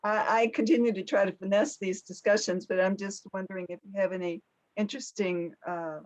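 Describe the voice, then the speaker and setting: A woman from the audience asking a question, halting and searching for her words. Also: mid-range voice, fairly even intonation, darkish tone.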